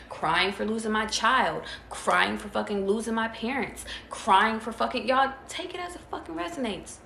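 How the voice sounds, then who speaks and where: Gravelly, blunt woman tarot reader. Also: mid-range voice, a bit bright. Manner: blunt, profane and emphatic, heavy repetition. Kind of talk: casual spiritual pep talk to viewers. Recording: echoey room with faint noise.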